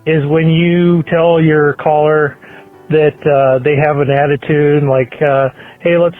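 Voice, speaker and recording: A man's voice: a little high, flat delivery, slow, faint music behind. A man leaving a rambling, hesitant voicemail as a fan of the show. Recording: tinny phone line.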